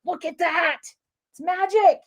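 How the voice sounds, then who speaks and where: A middle-aged American woman hosting a live crafting demo, bubbly and excitable, laughing often and chatting with viewers. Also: very high-pitched, unhurried. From United States. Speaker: craft livestream host.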